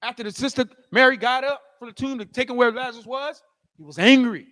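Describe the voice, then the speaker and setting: A man preaching a sermon as pastor, telling the story in animated fashion, acting out the scene and rising to shouts. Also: very high-pitched, quick pace, big-room sound.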